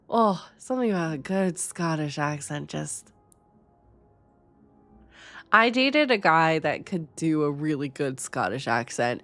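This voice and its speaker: A woman's voice: low voice, fairly bright tone, no room sound. A woman gaming streamer giving casual reaction commentary, chatty and rambling, laughing often.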